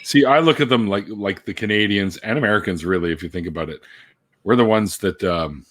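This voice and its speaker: A man's voice: fairly low pitch, fairly quick, a bit bright. A man hosting a casual live-stream conversation over a video call, reading out the chat, laughing often and swearing casually. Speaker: host interviewing a guest, reading live chat.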